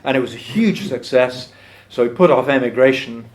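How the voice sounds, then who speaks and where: At a folk club, a man with a medium-pitched voice and a normal pace talks a live audience through a poet's life. He adds dry, joking asides and recites one of the poet's poems aloud.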